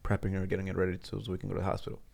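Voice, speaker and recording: A man, a guest in a studio interview, retelling a personal story in a halting, earnest way with frequent restarts. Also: deep voice, completely flat delivery, vocal fry, a little mellow.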